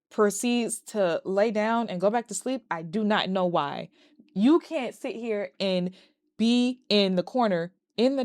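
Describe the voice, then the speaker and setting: A woman recapping a horror movie in a casual, animated and profane way, breaking into laughs. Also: mid-range voice, dry recording, studio quality. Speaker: movie reviewer.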